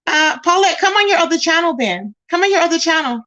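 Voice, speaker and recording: A woman's voice: very high voice, expressive, fast talker, bright, forceful tone. A woman hosting a casual livestream, chatting straight to her viewers and calling them "y'all" and "child". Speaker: livestream host.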